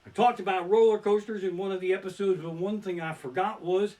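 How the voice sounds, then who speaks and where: A man doing stand-up storytelling from his living room, ranting and swearing as he swings between muttered asides and loud outbursts. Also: high voice, steady tone, brisk. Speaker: stand-up comedian. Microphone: barebones home setup.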